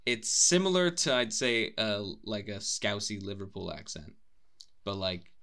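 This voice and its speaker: A man's voice: lowish voice, sing-song, measured pace, a bit bright, a little hiss or hum. A young man casually chatting as a podcast co-host, rambling with lots of laughs and restarts. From United Kingdom.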